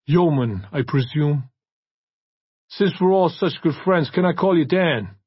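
A man doing a gruff, aggrieved private eye. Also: fairly high pitch, lively intonation, a little slow, no echo, lo-fi sound, pitched above the performer's own voice. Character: angry battered male private detective.

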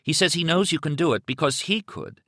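A man's voice: mid-range voice, big pitch swings, takes it slowly, no echo, voice pushed up. A man voicing a frightened young mother who sounds harried and close to tears, pleading in a trembling voice.

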